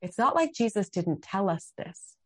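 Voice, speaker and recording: A woman's voice: mid-range voice, sing-song, moderate pace, husky, no room sound. A middle-aged woman speaking passionately as a guest on a faith interview, acting out her own prayers and quotes. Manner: impassioned, dramatic acted-out quotes.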